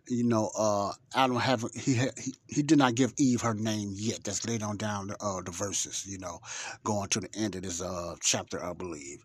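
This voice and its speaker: Husky man giving casual Bible teaching. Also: lowish voice, no room sound. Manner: conversational, emphatic, rambling with restarts and asides. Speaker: Bible study podcaster.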